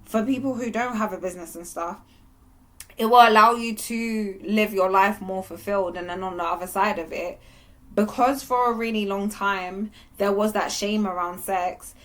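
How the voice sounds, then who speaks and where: Animated young woman vlogging. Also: mid-range voice, normal speed. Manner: animated and candid, breaks into laughter. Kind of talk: casual monologue to camera.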